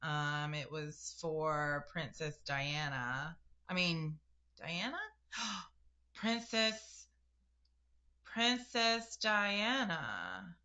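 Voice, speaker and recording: A young woman giving a casual spiritual reading, talking straight to her viewers in a chatty, emotional way. Her voice is bright and a little low, and she takes her time. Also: animated, very slow. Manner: chatty and emotional, addresses viewers directly, laughs and gasps. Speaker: spiritual reader.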